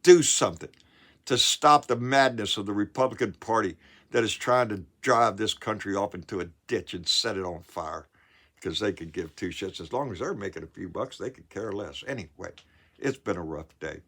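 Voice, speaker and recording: A man's voice: fairly low pitch, moderate pace, fairly bright tone. A man, ranting angrily about politics to camera, swearing, repeating himself and stumbling over his words. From Texas. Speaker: political vlogger. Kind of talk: angry political rant to camera.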